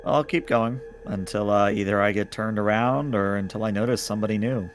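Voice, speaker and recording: A man's voice: on the low side, fairly quick, soft background music. A man playing a tabletop game, describing what his character does, with many fillers. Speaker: player.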